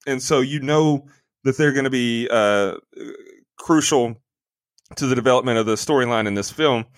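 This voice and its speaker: A man's voice: medium pitch, normal speed, no echo. Podcast co-host, male, casual rambling critic, dead-dry mic sound. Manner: opinionated, rambling with many fillers. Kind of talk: casual movie review chat.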